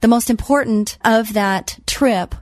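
A woman's voice: on the high side, measured pace, no room sound. A woman hosting a Christian radio talk show, telling a personal story in a chatty way with frequent restarts.

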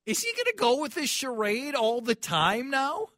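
A man's voice: very high-pitched, sing-song, normal speed, bright, forceful tone, dry recording, clean studio sound. A man hosting a sports talk radio show, ranting in a mocking, incredulous way.

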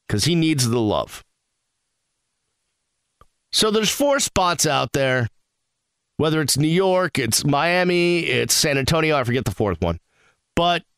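A sports radio host riffs casually from a studio, his voice bouncing up and down as he tells stories and acts out both sides of a conversation. The man's voice sits a bit higher than most, and the sound is close and dry with no room echo. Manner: animated, storytelling with quoted asides.

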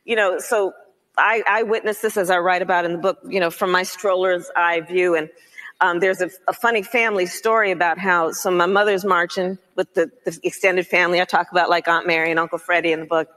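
A woman's voice: fairly low pitch, steady tone, brisk, a bit bright. A woman author at a book talk, telling a family story chattily with frequent laughter. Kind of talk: anecdote at a public talk.

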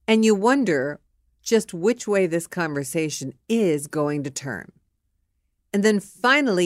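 A middle-aged woman talks frankly in an animated monologue, acting out both sides of a scene. Her lowish voice rises and falls widely at a slow, deliberate pace. The sound is close and dry. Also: no echo.

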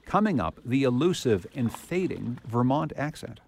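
A man hosting a public radio podcast, reading scripted segments and interviewing a guest in a measured, conversational way. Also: medium pitch, big pitch swings, vocal fry, over loud music.

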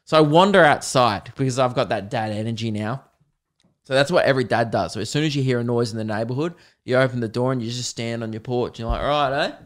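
A man's voice: mid-range voice, fast. A man with an Australian accent hosting a casual solo podcast, rambling and swearing as he tells a story. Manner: rambling, swears, sings song snippets. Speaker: podcast host.

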